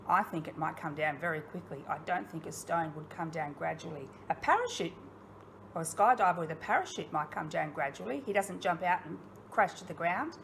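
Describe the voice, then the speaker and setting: A woman's voice: fairly low pitch, animated, brisk, vocal fry, a little hiss or hum. A woman with an Australian accent, a primary school teacher giving a recorded online lesson to young children. She asks questions and speaks encouragingly and expressively, straight to her pupils.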